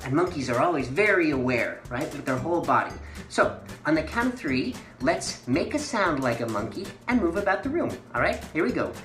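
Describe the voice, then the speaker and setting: A woman in a low, a bit bright voice, fairly quick and full of big pitch swings, leads a guided mime and movement lesson for kids with playful, sing-song, encouraging instructions. The space echoes, and faint music plays.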